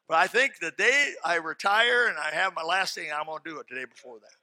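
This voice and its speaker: A male preacher with a fairly high, very bright and cutting voice, heard close and completely dry. He preaches in a folksy, animated way, with plain colloquial speech and sudden loud shouts. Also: a little fast, no echo. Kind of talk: sermon with closing prayer.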